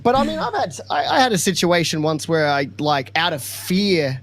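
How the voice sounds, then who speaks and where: A man with a somewhat high speaking voice, telling anecdotes on a podcast in a relaxed, easygoing way. He laughs as he goes and keeps things casual. Close podcast mic. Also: moderate pace, noisy background. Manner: laid-back storyteller, laughs through his anecdotes. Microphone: studio podcast mic.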